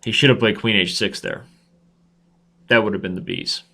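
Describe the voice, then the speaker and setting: Brief: man, thirties, chess streamer, playful trash talk, bright forceful tone, slightly low voice. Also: fairly even intonation, normal speed, creaky. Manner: playful trash talk, talks to himself and viewers. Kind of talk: live chess commentary.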